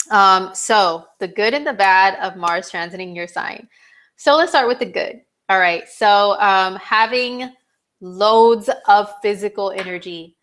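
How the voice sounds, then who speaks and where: A woman's voice: mid-range voice, unhurried, fairly bright tone. A woman astrologer giving a casual, chatty forecast, talking loosely with many fillers and acting out little quoted exchanges. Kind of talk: casual live-stream forecast talk.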